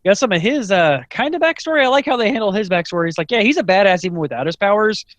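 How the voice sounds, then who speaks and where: A man co-hosting a podcast in casual chat, his voice a little high for a man and swinging widely in pitch. He sounds animated, laughs often and reads out his notes. The recording is dry and close. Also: fast, dry recording. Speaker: podcast co-host.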